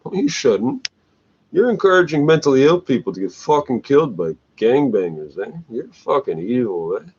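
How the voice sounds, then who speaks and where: A man's voice: medium pitch, sing-song, moderate pace, darkish tone, slightly rough, dull audio. A man ranting bluntly to camera, swearing often and tagging lines with "eh". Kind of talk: rambling profane rant to camera.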